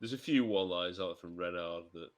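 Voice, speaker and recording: A man chatting casually about a film on a podcast, enthusiastic and animated. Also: deep voice, fast talker. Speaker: podcast guest.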